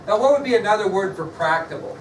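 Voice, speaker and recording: A male history teacher lecturing a class, quizzing students and spelling words out slowly. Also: high-pitched, expressive, a little hiss or hum. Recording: echoey classroom, mic far off, faint ambience.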